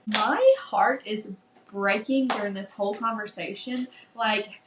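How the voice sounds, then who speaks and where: Brief: woman podcast co-host, animated book gossip, roomy sound, light background hiss. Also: mid-range voice, a little slow. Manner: excited, swears freely, retells scenes with quoted dialogue. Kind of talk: casual book review chat.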